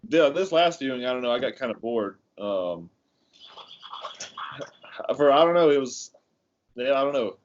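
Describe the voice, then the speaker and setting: A man co-hosting a film podcast, speaking casually and bluntly with hesitant pauses. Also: medium pitch, lively intonation, lo-fi sound, a little hiss or hum. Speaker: podcast co-host.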